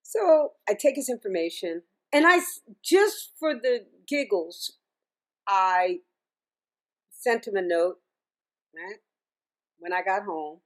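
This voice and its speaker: A middle-aged woman chats as an interview guest, spinning a long story with lively ups and downs in pitch. She restarts her sentences and breaks into laughs, sounding relaxed and talkative. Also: takes it slowly, pauses often. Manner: chatty and animated, laughs often, restarts sentences. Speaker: singer and music teacher, interview guest.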